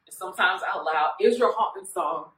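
A woman's voice: fairly low pitch, normal speed, a bit bright. Woman minister teaching with a roomy echo. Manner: informal, often checks in with listeners. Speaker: minister leading a Bible study. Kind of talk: conversational Bible study teaching. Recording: echoey room, voice far from mic.

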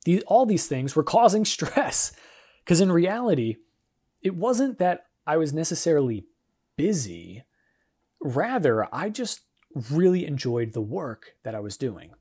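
A young man hosts a casual devotional podcast monologue, speaking earnestly, encouragingly and conversationally. His voice is a little high and sing-song, a touch slow, somewhat mellow and husky.

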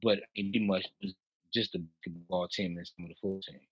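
A man in his fifties from Chicago, a house music producer telling stories as a podcast guest in a lively way, with frequent laughs and restarts. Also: deep voice, quick pace, dry recording, dull audio. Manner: animated, laughs often, repeats and restarts. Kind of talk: casual storytelling in a podcast interview.

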